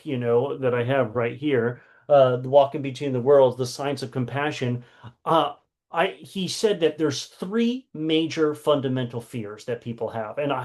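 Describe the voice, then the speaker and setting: A man's voice: mid-range voice, darkish tone. A man teaching a workshop lesson, telling a personal story in a conversational way with many fillers.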